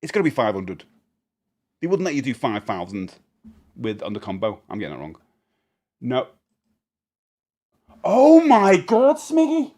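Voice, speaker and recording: A man's voice: lowish voice, very animated, fairly quick, pauses often, a little mellow. A middle-aged man chatting casually on a live stream, rambling and often laughing.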